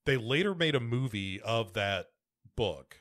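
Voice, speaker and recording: A man's voice: mid-range voice, lively intonation, a little slow, a bit bright. An American man co-hosting a podcast, chatting casually and rambling with many fillers and restarts. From United States. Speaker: podcast co-host. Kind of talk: casual chat.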